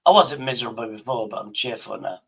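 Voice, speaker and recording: A man's voice: mid-range voice, quick pace, vocal fry, a bit bright, breathy edge. A man livestreaming in casual chat, rambling to himself and swearing constantly.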